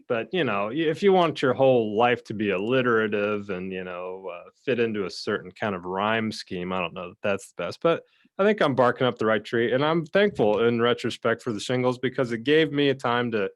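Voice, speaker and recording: A man's voice: mid-range voice, moderate pace. Man, talkative co-host, rambling casual chat, mid-range voice. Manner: rambling, talkative, self-described blabbermouth. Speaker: podcast co-host.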